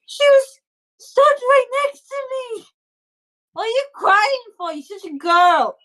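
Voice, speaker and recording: A woman voicing a young girl who is panicked, crying and shouting in a tabletop game. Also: sing-song, normal speed, full character voice, low-quality recording. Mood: frantic crying. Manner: shrill, frantic.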